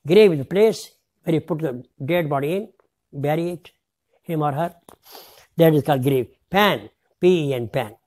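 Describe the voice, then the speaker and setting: A man's voice: fairly high pitch, normal speed, long pauses, darkish tone. A man giving a lecture to teachers, stressing words and spelling them out letter by letter. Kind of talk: classroom lecture.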